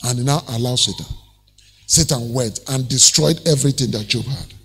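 A man's voice: mid-range voice, normal speed, a bit bright, slightly rough, big-room sound. A Nigerian man preaching a sermon as pastor, retelling a story animatedly with laughter.

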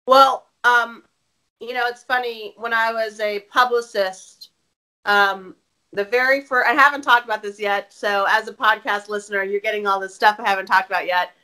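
A woman podcaster talking about her show in an interview, open and animated, often restarting her sentences. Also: mid-range voice, moderate pace, low-quality recording. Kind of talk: casual interview conversation.

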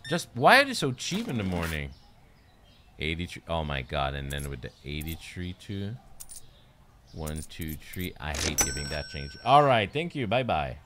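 Deep-voiced man chatting through a game. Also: big pitch swings, moderate pace, background noise. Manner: chatty, self-mocking, swears casually. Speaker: streamer. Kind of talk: casual game commentary.

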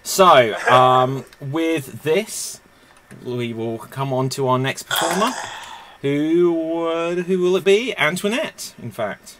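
A man's voice: fairly high pitch, slow, fairly bright tone, a little hiss or hum. Rambling man hosting an improv game. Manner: chatty, self-mocking, rambling. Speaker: improv show host. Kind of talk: casual live-stream hosting.

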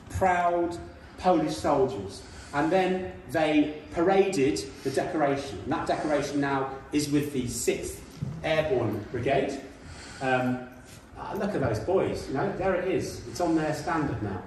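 A middle-aged man gives a guest talk in a school hall. His voice sits a bit high and reaches the mic from some distance. The room adds a very strong echo. He tells his story with emphasis and plenty of hesitations. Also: darkish tone, slight background noise. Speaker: guest speaker. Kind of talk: illustrated talk with slides. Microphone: speaking at a distance from the mic. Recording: very echoey hall, voice from far off.

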